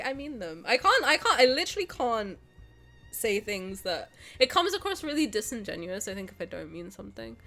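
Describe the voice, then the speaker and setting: Her voice is mid-range and fairly bright. Though sick and a bit congested, this streamer gushes to her viewers, reads game text out loud, and keeps restarting and laughing.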